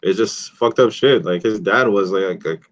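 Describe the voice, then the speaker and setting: A man's voice: lowish voice, normal speed. A man hosting a casual podcast, telling loose profane stories full of fillers. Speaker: podcast host. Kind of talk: casual chat. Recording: dull, dry, lo-fi audio.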